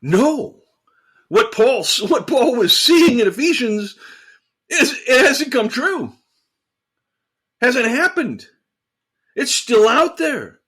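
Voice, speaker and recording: A man co-hosting a casual theological discussion, talking in an animated, emphatic way and repeating phrases for emphasis. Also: very high voice, takes it slowly, long pauses, breathy edge. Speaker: podcast co-host.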